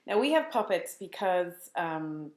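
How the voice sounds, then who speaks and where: A woman play therapist giving earnest, animated advice to parents in a casual chat. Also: on the low side, unhurried. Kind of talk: informal parenting talk. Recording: echoey room.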